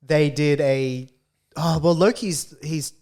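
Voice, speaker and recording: A man's voice: on the high side, slow, vocal fry, darkish tone. A man co-hosting a gaming podcast, chatting in a laid-back way and laughing easily. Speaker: podcast co-host. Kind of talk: casual chat.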